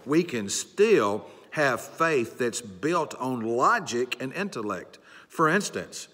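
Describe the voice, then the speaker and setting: Earnest pastor preaching. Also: male voice, mid-range voice, sharp tone. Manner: earnest, repeats key phrases. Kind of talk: sermon. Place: church sanctuary. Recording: long church hall reverb.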